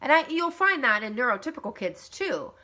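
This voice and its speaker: A woman, likely in her thirties, talking earnestly and conversationally about parenting and getting help, with lively emphasis. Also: high voice, fairly quick. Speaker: mother of two. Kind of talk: casual advice talk.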